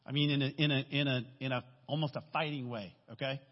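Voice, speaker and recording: In a church sanctuary, a male guest speaker gives a candid, rambling testimony sermon, frequently checking in with "right?". He talks fast at medium pitch with fairly even intonation, and the recording is dull with long hall reverb.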